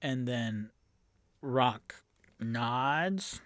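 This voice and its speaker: A man's voice: medium pitch, extremely slow, a bit bright, dry recording, studio quality. A man narrating a solo tabletop game as game master, in a casual, meandering way with many fillers and self-corrections.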